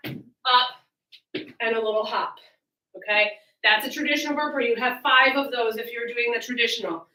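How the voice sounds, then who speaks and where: A woman's voice: high-pitched, bright, forceful tone, echoey room. Breathless lady fitness coach talking through moves, sounds a bit far from the mic. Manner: upbeat, coaching while exercising. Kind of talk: workout instruction. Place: home workout space with fan.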